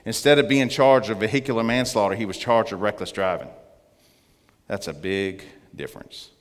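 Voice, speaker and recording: Guy with a lowish voice telling his story in church, earnest, big reverb. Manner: earnest storytelling, slowing for emphasis. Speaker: guest speaker giving testimony. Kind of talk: church testimony. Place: church sanctuary.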